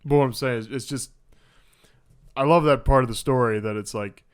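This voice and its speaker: A man's voice: medium pitch, a little fast, clean tone. A man co-hosting a podcast, chatting casually about a film, rambling and swearing as he retells scenes. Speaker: podcast co-host. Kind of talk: casual movie discussion.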